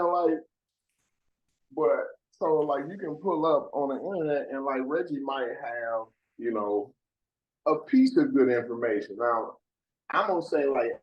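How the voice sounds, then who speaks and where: A man on a casual podcast panel, speaking in a deadpan, drawn-out way. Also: medium pitch, highs cut off.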